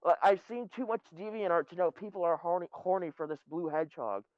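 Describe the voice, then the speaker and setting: A man's voice: high-pitched, quick pace, no echo, lo-fi sound. A man co-hosting a podcast in casual chat, laid-back and wry, swearing now and then. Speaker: podcast co-host.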